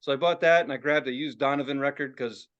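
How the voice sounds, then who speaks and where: A man's voice: mid-range voice, quick pace, muffled recording. A man hosting a podcast, telling a story in casual chat and cursing a lot. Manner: animated, profane storytelling. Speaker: podcast host.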